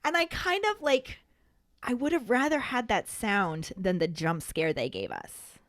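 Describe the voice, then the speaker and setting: Animated woman podcast co-host. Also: medium pitch, unhurried, no room sound. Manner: animated, playful storyteller. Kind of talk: casual chat.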